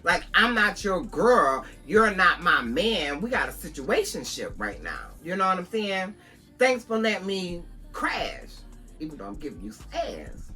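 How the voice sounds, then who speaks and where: A woman from Buffalo tells a personal story straight to her viewers, her pitch swooping up and down as she gets into it. Her voice is on the low side for a woman but bright and forceful. Soft music plays faintly behind her. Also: a little slow. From Buffalo, New York. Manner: animated, conversational, asides to listeners as "girl". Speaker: vlogger.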